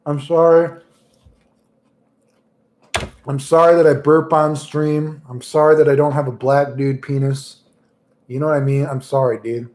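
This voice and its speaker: A man's voice: a little high, little pitch movement, a little slow, long pauses, a little mellow. A man livestreaming in casual chat, rambling and making crude jokes as he talks about fighting games.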